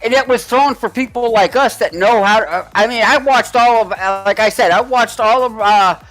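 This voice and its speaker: A man's voice: very high voice, moderate pace, a bit bright, soft background music, low-quality recording. A man in casual podcast chat, rambling and restarting sentences, swearing freely. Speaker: podcast co-host.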